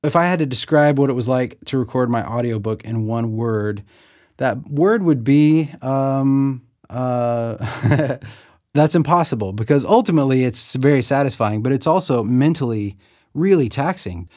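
In a dry, studio-quality recording, a middle-aged author from the American South speaks at medium pitch with a darkish tone, animated yet unhurried. It's a reflective interview monologue in which he chats self-deprecatingly, with small laughs, about recording his audiobook.

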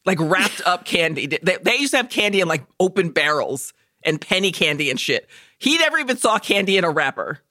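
A woman's voice: lowish voice, a little fast, no room sound, clean studio sound. A woman co-hosting a podcast, retelling a movie in casual chat, swearing freely and acting out the characters' lines for laughs. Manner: profane, animated storytelling with jokey quoted voices. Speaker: podcast co-host.

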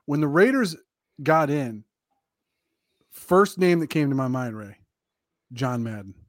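A man's voice: medium pitch, lively intonation, measured pace, dry recording, studio quality. A man who teaches, co-hosting a casual sports chat in an easygoing way. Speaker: co-host, teacher.

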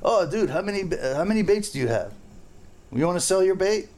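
A man's voice: high-pitched, big pitch swings, brisk, a little mellow, pitched above the performer's own voice. A man voicing a pushy male stranger at a boat ramp, nosy and wheedling, with an accent he cannot place. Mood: probing. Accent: unnamed foreign-sounding accent.

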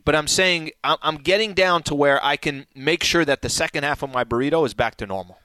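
A man's voice: on the high side, fairly quick, pushed and bright, no echo. A man co-hosting a talk radio show, chatting casually with rambling restarts. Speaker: radio co-host.

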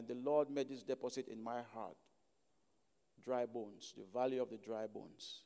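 A man's voice: mid-range voice, mellow. A man from Africa with an African accent, preaching a sermon in church, emphatic and repeating phrases for stress. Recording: long reverb of a large hall.

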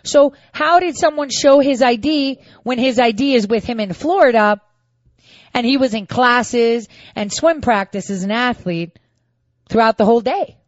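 A woman's voice: on the high side, normal speed, no room sound. Woman host ranting at her viewers, mocking and indignant, dry dull lo-fi sound. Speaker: online show host. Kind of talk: combative political commentary.

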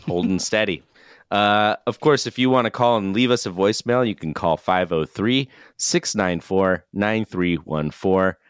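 A man hosting a casual podcast, relaxed and quick to laugh, with plenty of fillers. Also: on the low side, clean tone, dry recording, clean studio sound. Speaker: podcast host.

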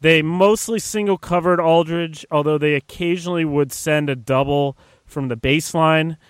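A man's voice: fairly high pitch, steady tone, normal speed, clear, resonant tone, no echo. A man co-hosting a casual sports podcast, breaking down plays in an analytical way and often hedging with "I mean". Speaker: co-host and editor.

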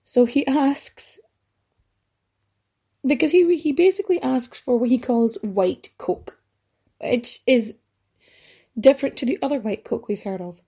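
A chatty woman hosts a history podcast, telling her story with loose asides and the odd swear word. Her voice sits a bit high, with a mellow, darker tone and a husky edge. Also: measured pace, long pauses. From Ireland. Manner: chatty and rambling, swears casually, frequent fillers and asides. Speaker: podcast host.

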